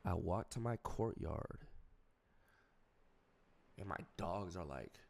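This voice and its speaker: A young man telling a chaotic personal story to viewers, swearing often and swinging between low recounting and laughing outbursts. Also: animated, slow, gravelly. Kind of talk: animated storytelling with heavy swearing.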